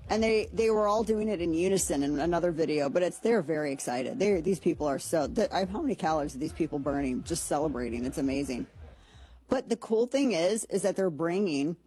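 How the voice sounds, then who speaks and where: A woman's voice: lowish voice, mellow, breathy edge. A woman hosting a commentary show, talking in a chatty, sarcastic, rambling way with lots of asides. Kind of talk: casual monologue commentary.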